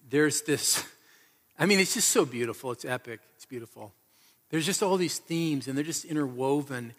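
A man's voice: mid-range voice, normal speed, a bit bright. A man preaching a sermon as pastor, telling the story with earnest, emphatic repetition. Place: church hall. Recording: reverberant hall.

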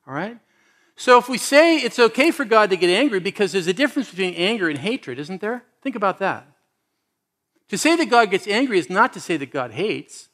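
A pastor with a high, bright voice leads a sermon. He keeps it conversational, asks his listeners questions and laughs often.

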